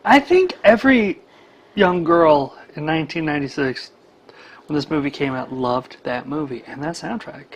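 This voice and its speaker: A man's voice: on the high side, moderate pace. A man co-hosting a podcast, chatting casually, reading out a countdown list and teasing his co-host. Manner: playful teasing.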